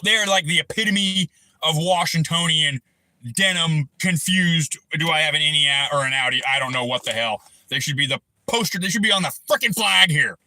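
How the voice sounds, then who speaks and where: A man in his thirties hosting a livestream, ranting angrily and profanely, breaking into shouted bursts. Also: high voice, no room sound, low-quality recording. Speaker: livestream host. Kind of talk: angry personal rant on a livestream.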